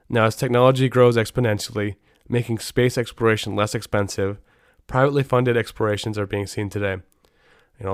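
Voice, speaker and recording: A man's voice: on the low side, smooth, no echo. A man hosting a casual podcast, telling rambling, anecdotal stories over a close mic. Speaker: podcast host.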